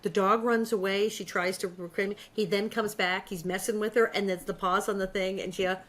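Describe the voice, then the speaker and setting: A woman in her sixties co-hosting a podcast, recapping an episode in lively, self-mocking stories. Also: medium pitch, brisk. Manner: animated, self-mocking storytelling. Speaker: podcast co-host. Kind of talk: casual chat recap. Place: podcast recording.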